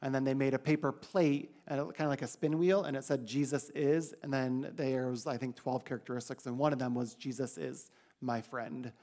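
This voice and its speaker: A male mission trip leader reports to his church, casually and chattily telling the congregation about the trip and getting animated when quoting others. He speaks fairly quickly with a medium-pitched voice.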